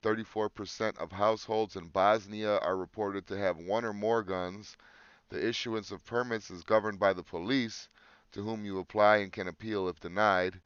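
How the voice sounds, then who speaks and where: A man's voice: lowish voice, fairly even intonation, normal speed, a bit bright, clean tone, no room sound, dull audio. A man co-hosting a casual podcast, joking crudely and reading facts aloud off a screen. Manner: crude, joking, swears freely. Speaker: podcast co-host.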